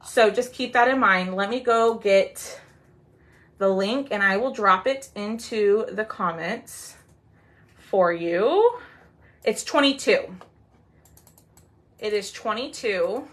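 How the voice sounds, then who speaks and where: A woman with a mid-range, fairly bright voice chats with viewers on a casual livestream while demonstrating a craft during a live sale. She's chatty, drawing out her "y'all"s and using plenty of "um"s.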